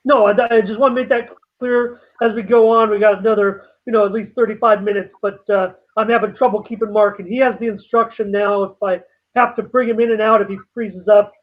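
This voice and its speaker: A man's voice: high-pitched, level tone, fairly quick. A man hosting a talk show over a video call, stammering and apologizing as he manages the connection. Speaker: show host. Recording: tinny phone-like line.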